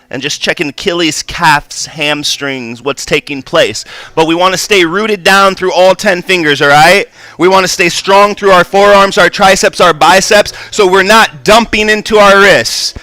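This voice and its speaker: A man leading a live yoga class in a studio, calmly cueing poses and breathing with frequent "right?" and "good". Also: high voice, no echo. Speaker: yoga instructor.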